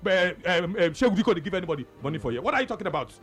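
A man with a Nigerian accent hosting a sports call-in radio show, lecturing callers forcefully and repeating himself. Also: high-pitched, big pitch swings, racing, slightly rough, faint music behind. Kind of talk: heated call-in radio debate.

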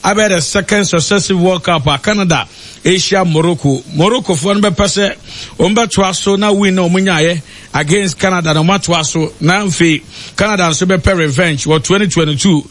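Halting radio football analyst, man. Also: high-pitched, fairly bright tone. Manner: halting, many fillers. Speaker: match analyst.

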